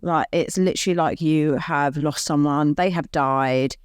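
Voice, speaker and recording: Woman podcaster, earnest and reassuring, smooth clear voice, dry sound. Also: low-pitched, steady tone, unhurried, no echo. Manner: earnest, reassuring, swears casually. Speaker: podcast co-host. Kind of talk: casual chat giving advice.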